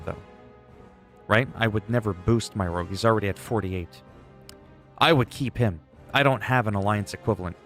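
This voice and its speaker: A man livestreaming a game, chatting casually and enthusiastically with viewers, rambling a bit and swearing now and then. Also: fairly low pitch. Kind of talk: casual gameplay chat.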